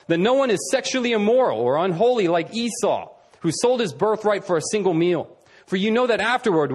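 A man preaching a sermon in an emphatic way, slowing down to stress key phrases. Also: a little high, breathy edge.

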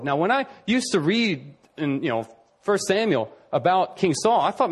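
A man preaching a sermon, animated, shifting between quick runs and slow emphatic lines, sometimes dropping soft and low to act out quoted speakers. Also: slightly rough. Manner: acts out quoted voices, drops to a soft low tone.

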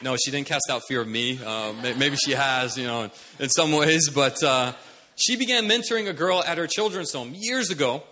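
A man preaching a sermon, animated, shifting from soft mimicry to loud commands. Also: medium pitch, normal speed. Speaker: pastor.

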